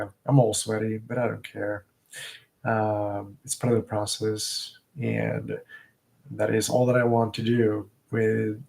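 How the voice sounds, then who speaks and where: Slow, gravelly man talking haltingly. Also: on the low side, a little mellow. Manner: halting and reflective, with frequent restarts. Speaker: vlogger. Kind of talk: casual live vlog.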